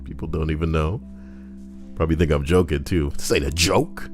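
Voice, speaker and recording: A man's voice: a bass voice, fairly even intonation, moderate pace, faint music behind. A young man reading Reddit posts and riffing on them in a crude, joking, rambling way. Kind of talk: casual commentary.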